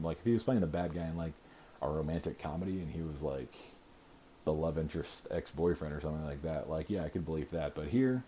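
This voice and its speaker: A man's voice: low voice, warm tone, a little hiss or hum. A man in his thirties hosting a podcast, reviewing a movie in a casual, rambling way with lots of filler words and repeated starts. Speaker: podcast host.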